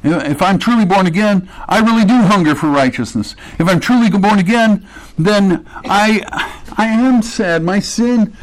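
A man preaching a sermon, earnest and direct, dropping low and quiet, then rising to emphatic high bursts, sometimes acting out the voices of imagined listeners. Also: normal speed. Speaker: pastor.

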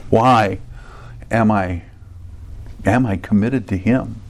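A man preaching a sermon, earnest and direct, dropping low and quiet, then rising to emphatic high bursts, sometimes acting out the voices of imagined listeners. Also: slow pace, a little hiss or hum. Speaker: pastor.

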